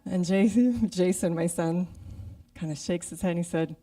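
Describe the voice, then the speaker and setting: Mellow-voiced middle-aged woman preaching. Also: fairly low pitch, moderate pace, recorded from a distance. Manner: conversational, acts out her own inner voice. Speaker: guest speaker. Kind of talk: sermon. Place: church sanctuary.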